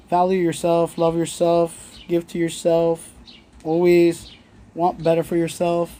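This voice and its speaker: A man's voice: fairly high pitch, warm tone, a little hiss or hum. A man hosting a live stream from his phone, giving blunt, earnest pep talk to his viewers and swearing freely. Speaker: livestream host. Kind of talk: casual motivational livestream talk.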